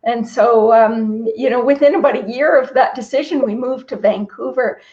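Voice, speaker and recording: A middle-aged woman from Canada speaks as an interview guest, her voice pitched a little high. She tells her story in an earnest, reflective way. The call audio is slightly dull and lo-fi. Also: moderate pace, a little mellow. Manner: earnest, reflective, moved to tears at moments. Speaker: guest, registered dietitian and author.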